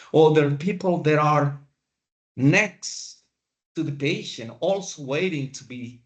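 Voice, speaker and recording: A man teaching a class, lecturing in a slow, deliberate way with pauses. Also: a little high. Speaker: instructor.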